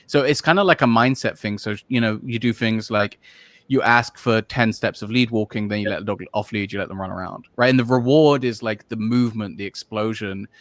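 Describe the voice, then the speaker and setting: Guy with a lowish voice, rambling guest chat, lots of ums, dry close mic. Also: fairly quick, a bit bright, no room sound. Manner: rambling, searching for words, many fillers. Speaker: podcast guest, dog trainer. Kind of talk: casual interview chat.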